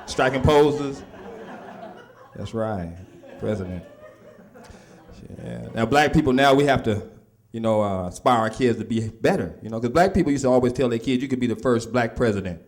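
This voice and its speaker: A man's voice: medium pitch, lively intonation, moderate pace. A middle-aged man doing a stand-up routine in a loose, conversational way, full of asides to the crowd. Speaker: stand-up comedian.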